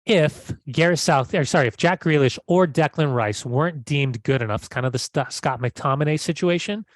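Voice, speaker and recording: A man's voice: a little high, normal speed, no echo. A man co-hosting a casual football podcast, emphatic and argumentative. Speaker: podcast co-host.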